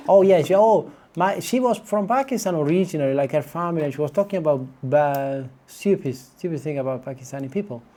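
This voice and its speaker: A man from Italy with an Italian accent, a native Italian speaker, ranting to camera in a casual vlog from his home kitchen, animated and exasperated with many restarts. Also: fairly high pitch, brisk, hardly any pauses, a little hiss or hum. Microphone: camera on small tripod.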